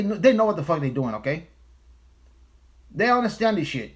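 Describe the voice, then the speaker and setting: A man's voice: fairly high pitch, lively intonation, moderate pace, long pauses. A man hosting a casual livestream, talking in an emphatic, profane way and repeating his phrases for stress. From United States. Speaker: livestream host.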